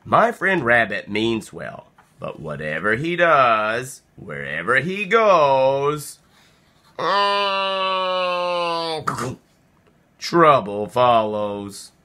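A man reading a children's picture book aloud, with a gravelly edge to his voice. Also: mid-range voice, huge pitch swings, slow pace, pushed and bright. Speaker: storybook reader.

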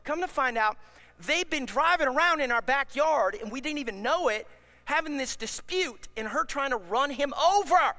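A man preaching a sermon as pastor, animated and acting out worried voices for the congregation. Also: very high voice, moderate pace. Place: church sanctuary. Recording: long hall reverb.

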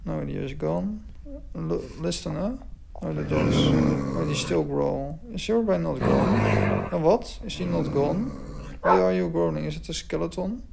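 Slow talking guy with a gravelly voice chatting at his game dogs, lots of noise behind. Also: fairly high pitch, big pitch swings. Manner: talks to the dogs in game, puzzled and self-mocking. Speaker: gaming commentator. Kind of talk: casual gameplay commentary. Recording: loud background noise.

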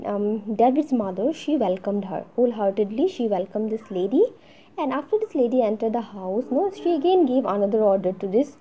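A woman's voice: fairly high pitch, dark tone, husky, poor audio. A woman explaining a story to a class, often asking "yes or no?" as she goes. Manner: asks the class rhetorical questions like "yes or no?". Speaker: English teacher. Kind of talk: story lesson explaining a text.

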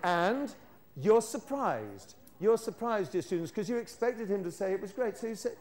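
In a lecture hall full of people, a British man running a teacher-training workshop gives a live classroom demo, playfully getting the audience to echo his lines. He speaks at normal speed in a high, sing-song voice with a darkish tone.

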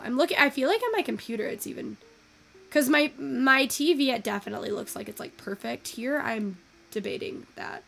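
A young woman giving casual, excitable commentary while taking in-game photos, swearing freely and gushing over what she sees. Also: sits high, brisk, creaky. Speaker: virtual photography creator.

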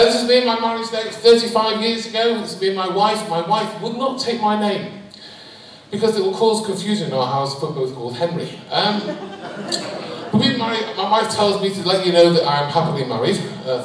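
Scouse man telling deadpan stand-up jokes. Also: high voice, a little fast. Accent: Liverpool. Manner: deadpan one-liners. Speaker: stand-up comedian. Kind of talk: stand-up comedy set. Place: large hall on stage. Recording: echoey hall, mic at a distance.

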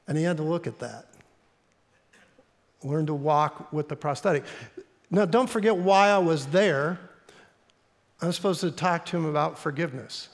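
A middle-aged pastor with a Midwestern accent, telling a story in a sermon in an earnest, halting way with fillers. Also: male voice, a little high. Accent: American Midwestern. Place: church sanctuary. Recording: long hall reverb in a church.

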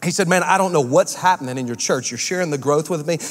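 A male pastor preaching a sermon in a church, acting out quotes with shifts in pitch and pace. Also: fast, big-room sound.

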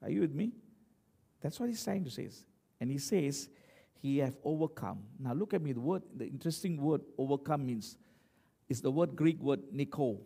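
A man's voice: medium pitch, expressive, normal speed, gravelly, mellow, breathy edge. A man preaching as pastor, emphatic, often asking the congregation questions. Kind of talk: sermon.

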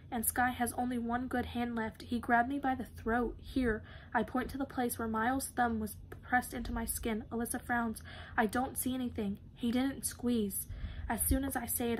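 Lady reading a novel chapter out loud, kinda high voice, pretty flat and steady. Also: normal speed, few pauses, a little hiss or hum. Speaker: YouTuber reading a novel aloud. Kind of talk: read-aloud narration of a novel.

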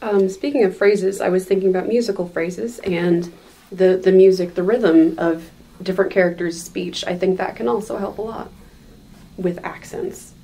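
A woman with a lowish, mellow voice, musing thoughtfully on a writing podcast. She searches for her words as she thinks aloud in a relaxed panel chat. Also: normal speed, gravelly, rough recording. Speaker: podcast co-host. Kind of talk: casual panel discussion.

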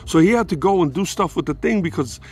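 A man telling a rambling, profane personal anecdote in a casual, animated way. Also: a little high, fast talker, husky. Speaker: storyteller.

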